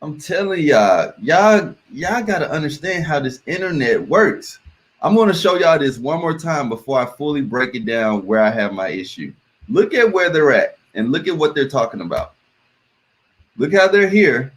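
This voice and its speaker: Speaking at a normal pace with a fairly high, animated voice, a reaction channel host chats casually and emphatically with his viewers, repeating words to stress them.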